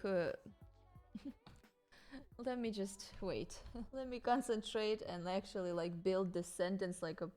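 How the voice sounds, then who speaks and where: A young woman with a Ukrainian accent chatting casually on a live stream, rambling, giggling and searching for her English words. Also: medium pitch.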